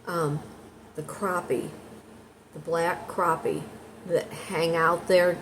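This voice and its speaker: A content creator with a somewhat low voice tells a meandering story in a casual vlog, chatting from one tangent to the next. A noticeable background hiss runs under the recording throughout.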